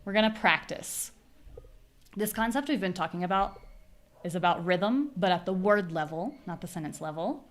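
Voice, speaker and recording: A young American woman with a fairly low-pitched voice leads a live online pronunciation class. She explains word stress clearly and demonstrates, slowly repeating syllables for drills.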